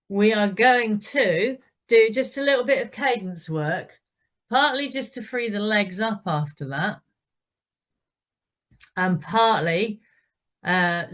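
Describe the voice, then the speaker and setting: A woman's voice: medium pitch, animated, takes it slowly, pauses often, a bit bright. A woman leading an indoor cycling class, giving encouraging instructions and calling out the pedaling rhythm.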